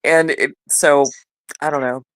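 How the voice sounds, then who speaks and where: A woman's voice: low-pitched, fairly even intonation, measured pace, no echo. A woman in a casual group chat, talking hesitantly and trailing off mid-thought. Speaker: panel participant.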